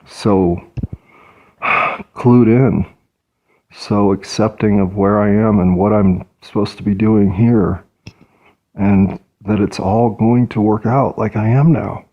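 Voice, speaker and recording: Hesitant man musing slowly, lo-fi sound. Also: fairly low pitch, fairly even intonation. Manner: hesitant, searching for words. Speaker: podcast host. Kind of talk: reflective personal monologue.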